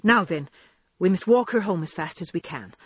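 A woman voicing a quick-acting teenage boy who gives urgent commands, in an audiobook reading. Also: on the low side, expressive, slightly rough, no echo, clean studio sound. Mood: brisk.

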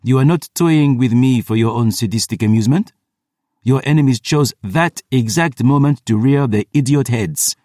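A man's voice: mid-range voice, moderate pace, warm tone, no room sound, clean studio sound, voice pushed up, close to an everyday voice. A man voicing a haughty, exasperated male vampire historian who speaks in theatrical, indignant outbursts.

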